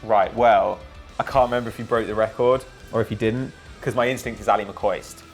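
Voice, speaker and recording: A man running and playing a football quiz, blunt and quick to swear in frustration. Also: lowish voice, fairly even intonation, soft background music. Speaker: quiz host and contestant. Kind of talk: casual banter.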